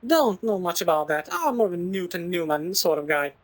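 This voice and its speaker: A woman's voice: on the low side, big pitch swings, fairly quick, dry recording, poor audio. A woman voicing a folksy male handyman who tinkers with odd machines, rambling as he talks. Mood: easygoing.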